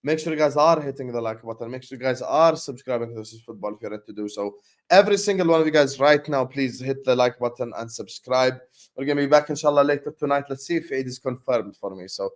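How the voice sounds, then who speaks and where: A man hosting a casual football livestream, thanking viewers by name in an excited, chatty way. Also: medium pitch. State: sleepy, yawning. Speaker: host.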